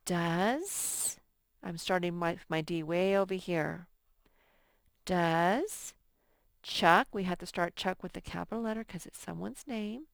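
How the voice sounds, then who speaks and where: A middle-aged woman with a fairly low, gravelly voice gives a lesson to young children, reading example sentences in a slow, sing-song way. There's no room sound on the recording.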